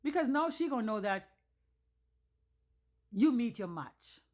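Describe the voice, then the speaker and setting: A woman's voice: on the high side, animated, measured pace. Blunt, profane woman telling a story. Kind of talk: casual storytelling.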